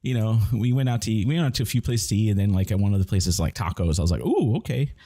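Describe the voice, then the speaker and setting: Low-voiced man rambling in profane chat. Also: steady tone, rapid-fire, dark tone, no echo, studio quality. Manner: rambling, profane storytelling with restarts. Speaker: gamer chatting on stream. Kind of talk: casual chat while gaming.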